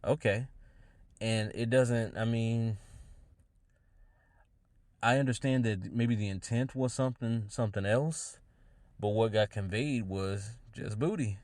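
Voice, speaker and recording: In a casual solo podcast, a man shares his own views in a fairly low, slightly mellow voice. He muses aloud in a halting way, often restarting phrases as he works through his thoughts. The recording is dry and of studio quality.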